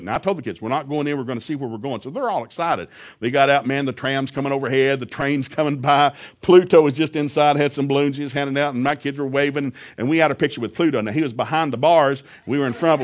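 Telling a funny story in his sermon, this middle-aged preacher uses a fairly high-pitched voice. He stays animated throughout, laughing frequently and mimicking the voices of those he quotes.

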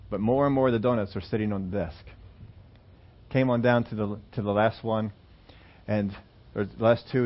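A preacher telling an illustration story in a sermon, halting at times with fillers and restarts. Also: male voice, lowish voice, muffled recording.

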